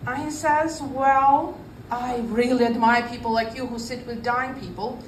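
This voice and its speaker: A woman's voice: fairly high pitch, steady tone, slight background noise. Female stand-up comic, 40s, Russian accent, dry pacing; recorded in a roomy space off-mic. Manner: dry, unhurried delivery with pauses. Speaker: stand-up comedian. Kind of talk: stand-up set. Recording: echoey room, voice a bit far from the mic.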